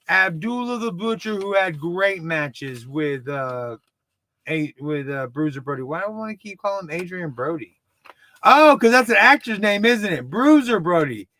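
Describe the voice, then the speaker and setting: A man in his thirties from Dallas with a Texan accent, rambling excitedly and mocking himself while reviewing a movie. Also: sits high, no echo. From Dallas, Texas. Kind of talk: casual video review.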